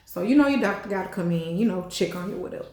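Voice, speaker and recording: A woman telling her life story in a casual storytime vlog, chatty and animated, swearing and leaning on fillers like "you know what I'm saying". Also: medium pitch, fast, background noise. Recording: echoey room.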